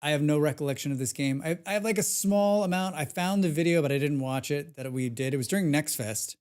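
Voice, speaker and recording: A man chatting casually on a live game stream, rambling with many fillers, reading chat aloud and growing animated as he recounts his play. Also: a little high, fast, clear, resonant tone. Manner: grows animated when recounting gameplay.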